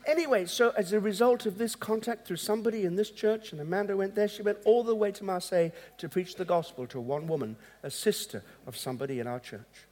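A man's voice: high voice, fast, hardly any pauses, darkish tone. A man pastor preaching a sermon in a conversational way, acting out dialogues and chuckling at his own asides. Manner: acts out both sides of dialogues. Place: large church hall. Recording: long hall reverb.

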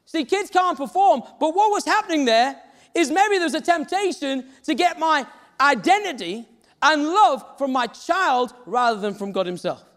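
A man's voice: extremely high pitch, big pitch swings, normal speed, fairly bright tone. A man preaching a sermon, telling stories and acting out the voices of the people in them. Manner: storytelling, acts out quoted voices. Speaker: pastor. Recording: reverberant hall.

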